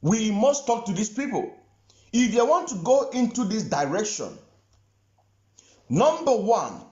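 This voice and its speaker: A man's voice: high-pitched, darkish tone, echoey room, highs cut off. A man giving emphatic live-stream commentary, repeating phrases and firing rhetorical questions. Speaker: political commentator.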